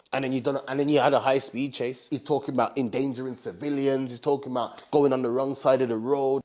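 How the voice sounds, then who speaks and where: A young man from England telling a story in a casual, animated way, full of slang like bro and fam. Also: mid-range voice.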